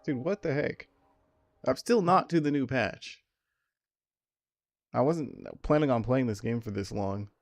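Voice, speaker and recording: A man's voice: mid-range voice, measured pace, vocal fry, pauses often, dry recording, soft background music. A man streaming a game, rambling in casual commentary. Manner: rambling, chatty.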